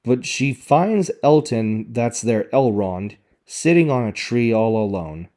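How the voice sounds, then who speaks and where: A man's voice: medium pitch, animated, slow, warm tone. A man giving sarcastic, exasperated commentary as he picks apart a show's dialogue. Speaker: video reviewer. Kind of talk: critical commentary on show dialogue.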